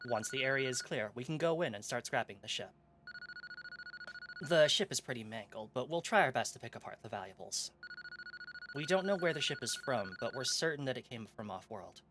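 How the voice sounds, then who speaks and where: Brash raider captain giving a loud mission briefing with some pirate slang, a man putting it on over his own voice. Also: mid-range voice, animated, fairly quick, background noise, lightly acted. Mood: commanding. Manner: loud, upbeat briefing with half-hearted pirate talk. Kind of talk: voicing game dialogue on a stream.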